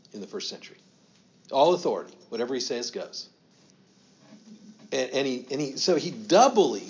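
Man teaching scripture, lively questioning. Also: medium pitch, dull audio. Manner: questioning, acts out quoted lines with rising emphasis. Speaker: pastor. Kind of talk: interactive Bible study teaching.

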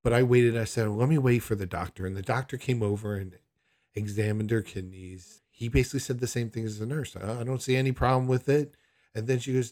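Guy rambling thru a personal story, kinda low voice, candid and self-questioning. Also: steady tone, fairly quick, darkish tone. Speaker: son recounting a hospital visit.

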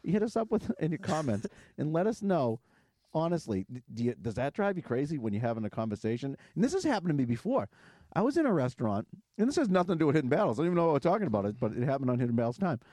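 A middle-aged man hosting a podcast in casual chat, telling stories in an animated way and laughing often. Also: fairly high pitch, no room sound, studio quality. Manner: storytelling, animated, quick to laugh. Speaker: podcast host.

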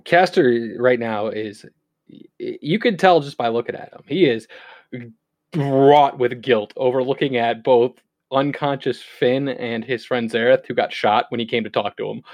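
A man from Wisconsin playing a tabletop game, calmly describing his character's actions. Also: medium pitch, normal speed, no echo. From Wisconsin, United States.

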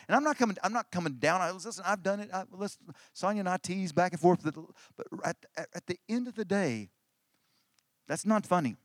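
A man's voice: sits high, dry recording, clean studio sound. A middle-aged man preaching a sermon in a conversational way, often restarting phrases for emphasis. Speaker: pastor.

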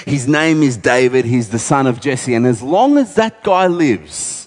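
A desperate, jealous king clutching at his throne, as a male preacher puts him on, his pleas climbing high and stretched out. He presses his son hard, insistent. The sound carries a long church-hall reverb. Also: very animated, measured pace. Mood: urgent. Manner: pleading, insistent, rising high and drawn out.

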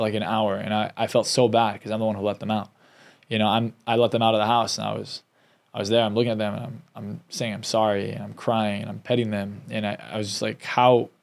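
A man's voice: fairly low pitch, darkish tone. A man, a success coach and hypnotist, telling a candid, emotional personal story as a podcast guest, often restarting his sentences.

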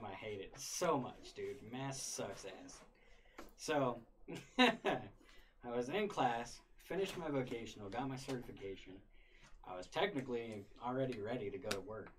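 A young man talks loosely and profanely, breaking into laughter as he recounts his school days. His voice sits at an ordinary middle pitch. A faint hiss of background noise stays under the recording. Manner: profane, laid-back, laughs while telling stories. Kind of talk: casual storytelling chat.

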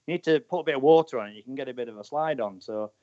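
A man's voice: mid-range voice, rapid-fire, darkish tone, dry recording. A man in his forties, a motorcycle racer, chatting casually in a rambling way with many "you know"s. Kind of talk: casual chat. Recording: dull lo-fi dry sound.

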